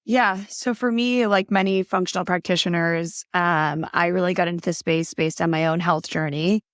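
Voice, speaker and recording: A woman's voice: on the low side, steady tone, normal speed, dry recording, studio quality. A young adult woman guest on a podcast, telling her story in an earnest, casual way with frequent fillers. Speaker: podcast guest, holistic nutrition consultant. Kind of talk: casual interview conversation.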